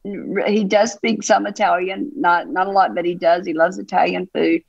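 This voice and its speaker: A woman pastor with a Southern US accent, speaking in a relaxed, affectionate way during an interview. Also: fairly low pitch, vocal fry, husky, no echo, lo-fi sound. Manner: affectionate, unhurried with fillers. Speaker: pastor and guest. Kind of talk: casual interview chat.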